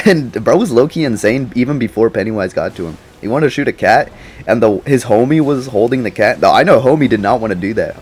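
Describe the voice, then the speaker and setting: A man's voice: medium pitch, animated, fairly quick, darkish tone, husky. Slangy young man rambling about a movie. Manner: slangy, rambling, laughs often. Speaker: YouTuber. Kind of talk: casual movie reaction commentary.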